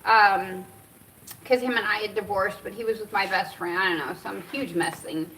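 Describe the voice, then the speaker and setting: A woman's voice: mid-range voice, steady tone, moderate pace, bright, forceful tone, a little hiss or hum. A middle-aged woman vlogging outdoors, telling a rambling personal story with emotion and frequent laughs. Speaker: cannabis and cancer vlogger. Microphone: camera set up nearby. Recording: distant outdoor camera mic.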